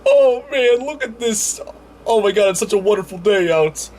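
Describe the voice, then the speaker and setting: A man's voice: sits high, expressive, normal speed, darkish tone, slight background noise, pitched above the performer's own voice. A man voicing a giddy, emotional male emoji character who gushes and melodramatically laughs and sobs. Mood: lovestruck. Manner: gushing, melodramatic, laughing and sobbing.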